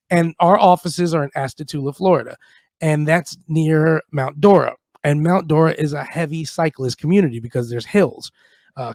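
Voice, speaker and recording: A man's voice: a little high, no echo, clean studio sound. A man co-hosting a radio comedy show, chatting casually and acting out stories with voices. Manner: animated storyteller, acts out voices. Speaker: radio co-host. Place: radio studio.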